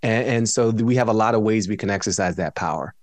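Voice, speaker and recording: Tired, reflective man with a low voice. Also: quick pace, no room sound. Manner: reflective, jokey, laughs often. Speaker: podcast guest. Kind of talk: casual conversation. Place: at home. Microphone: studio microphone.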